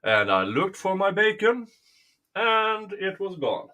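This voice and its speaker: A man hosting a casual live stream, talking haltingly with many fillers. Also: sits high, sing-song, pushed and bright, a little hiss or hum. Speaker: stream host.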